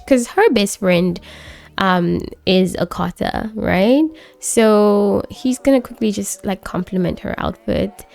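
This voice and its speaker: Gravelly chatty woman narrating gameplay. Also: medium pitch, slow pace, dark tone. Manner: chatty, filler-heavy, narrating and voicing characters. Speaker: let's play host. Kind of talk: casual gameplay commentary. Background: faint background music.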